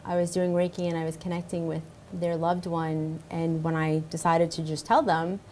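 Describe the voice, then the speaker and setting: A middle-aged woman speaking as a spirit medium guest in casual interview chat, warm and enthusiastic, often repeating herself. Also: lowish voice, little pitch movement, moderate pace, a little hiss or hum. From United States.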